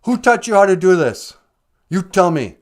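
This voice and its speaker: A man voicing an angry middle-aged father who scolds his son, in a loud, accusing comic re-enactment of an old TV ad. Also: medium pitch, animated, normal speed, clear, resonant tone, lightly acted.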